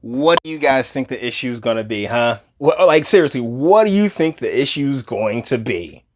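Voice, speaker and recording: A man's voice: medium pitch, lively intonation, moderate pace, background noise. A man giving casual reaction commentary, rambling with slangy asides and laughter. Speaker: video commentator.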